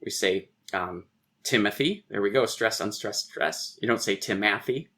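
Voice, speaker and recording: A man's voice: lowish voice, normal speed, pushed and bright. A man, a poet and guest, reflectively explaining verse and tapping out rhythms aloud. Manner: lecturing, taps out rhythms aloud.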